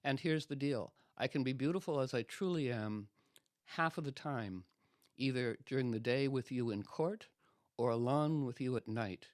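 A man voicing an enchanted, once-hideous bride who speaks in hushed, measured pronouncements, in an ordinary storytelling voice. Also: mid-range voice, dry recording, clean studio sound, close to an everyday voice. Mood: solemn. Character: loathsome enchanted hag bride, later regal.

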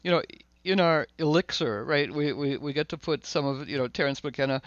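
A man hosting a loose, spiritual chat, circling his ideas and repeating words as he goes. His sound is dry and slightly dull, like a lo-fi recording. He breaks into animated asides. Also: on the high side, fairly quick, dry recording. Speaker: host. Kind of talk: casual spiritual conversation.

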